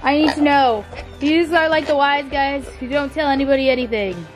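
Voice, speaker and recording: A young woman vlogging on her farm, chatting excitedly to the camera and her animals with lots of "like" and "I don't know". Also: high-pitched, moderate pace, music in the background. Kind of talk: casual vlog chat to camera. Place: outdoors on a farm pasture.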